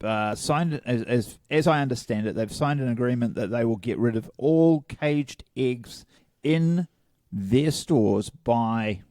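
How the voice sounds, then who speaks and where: A man's voice: medium pitch, slow pace, darkish tone, no echo, clean studio sound. A man co-hosting a casual podcast, hungover, rambling and self-deprecating, laughing often. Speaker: podcast co-host. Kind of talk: casual chat.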